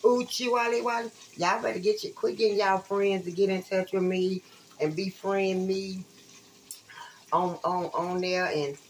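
A woman's voice: lowish voice, steady tone, measured pace, slight background noise, low-quality recording. Blunt, profane woman talking while cooking. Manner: profane, blunt, chatty, addresses viewers as y'all. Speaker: online spiritual reader. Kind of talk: casual rambling talk to viewers. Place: home kitchen while frying food.

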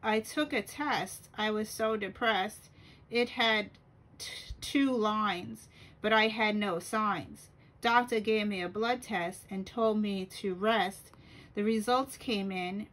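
Slow-reading woman sharing her poems. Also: mid-range voice, fairly bright tone, low-quality recording. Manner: slow, careful reading with small stumbles. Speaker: journaling vlogger.

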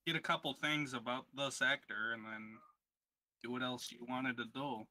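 A man's voice: medium pitch, steady tone, normal speed, sharp tone, a little hiss or hum, rough recording. A man co-hosting a casual podcast, laid-back and blunt, with some swearing.

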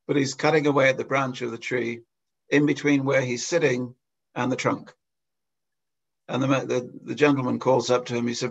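Gravelly male preacher telling stories. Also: mid-range voice, level tone, normal speed, long pauses. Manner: anecdotal, with frequent chuckles and hesitations. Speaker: lecturer giving a scripture class. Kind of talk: storytelling sermon. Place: temple hall. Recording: dull lo-fi lecture recording.

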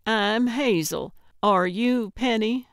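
A perky old lady sleuth, as a woman reads her, cheeky and bright in spirit. She talks slowly in a smooth, crisp voice, recorded close and dry. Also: a little high, no echo, voice pushed up. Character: chipper older woman amateur sleuth.

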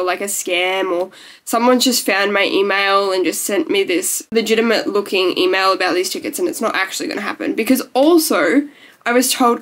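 Near tears, a young woman vlogs straight to camera, gushing with emotion and scattering "like" throughout. She speaks at a medium pitch with a slightly bright quality.

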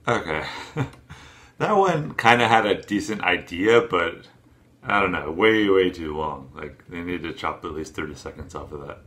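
A man hosting a reaction video, talking in a relaxed, rambling way and laughing often. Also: sits low, normal speed, slight background noise. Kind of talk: casual commentary.

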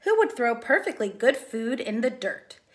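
A woman, a preschool teacher, reading a picture book aloud with expressive, sing-song storytelling. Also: on the high side, normal speed.

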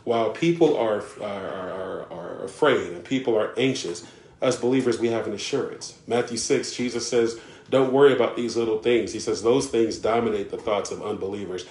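A man's voice: lowish voice, moderate pace, a little mellow, roomy sound. A man preaching a live-streamed sermon, earnest, repeating words as he builds and checking in with the listeners. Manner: earnest, often checks in with "right?" and "okay?". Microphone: live stream setup.

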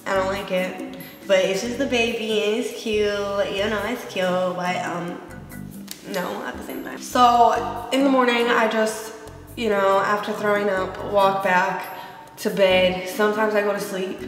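A woman's voice: medium pitch, fairly even intonation, a little slow. A pregnant young woman vlogging in a mock reality-show confessional, whiny and dramatic as she complains. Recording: echoey room with music behind.

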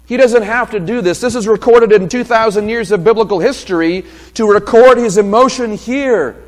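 A man's voice: high voice, moderate pace. Man, pastor, expository sermon, emphatic, long church-hall reverb. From New Hampshire. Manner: emphatic, builds to loud passionate peaks.

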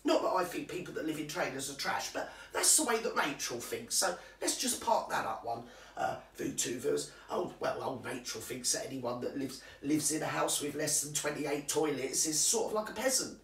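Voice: mid-range voice, big pitch swings, normal speed. A gossipy old gal, roomy and distant, as a performer puts her on. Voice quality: chatty, confiding, gossipy. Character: gossipy older British woman, nosy and cheeky. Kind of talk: comic character monologue to camera. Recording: roomy sound from away from the mic.

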